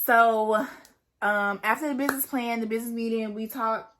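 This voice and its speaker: A woman's voice: a little high, steady tone, moderate pace, noisy background. A young woman, chatting casually to camera about starting her business, with lots of asides to her viewers. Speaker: vlogger and new business owner.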